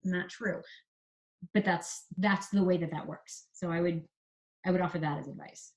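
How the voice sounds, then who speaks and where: A Canadian woman who writes screenplays, chatting through writing advice in a relaxed interview and spelling out examples. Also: fairly low pitch, moderate pace. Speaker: screenwriter guest. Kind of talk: casual explanatory interview talk.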